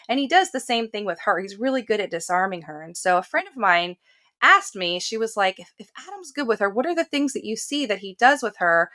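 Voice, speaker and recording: A woman's voice: on the high side, bright, forceful tone. A woman hosting a podcast interview, telling a personal story in a candid, reflective way. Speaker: podcast host. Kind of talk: casual interview chat.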